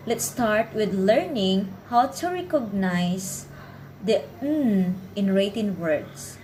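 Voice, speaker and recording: A woman, narrating a pronunciation lesson in a careful, clearly enunciated way. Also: mid-range voice, a little mellow, slight background noise, low-quality recording. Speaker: pronunciation teacher. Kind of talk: scripted instructional narration.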